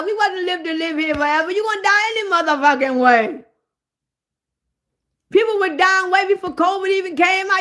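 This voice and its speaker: A woman, hosting a livestream and ranting in a loud, profane, animated way. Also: extremely high pitch, normal speed. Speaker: livestream host.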